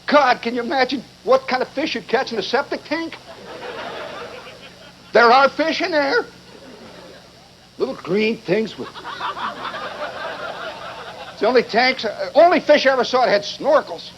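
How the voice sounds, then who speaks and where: Man from Indiana, live humorous monologue, high voice, mock-indignant wit, muffled 70s tape with light hiss. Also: lively intonation, measured pace, pauses often. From Indiana, USA. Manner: wry, digressive, mock-indignant. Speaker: storyteller performing for a live audience. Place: live venue with an audience. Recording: muffled 1970s live recording.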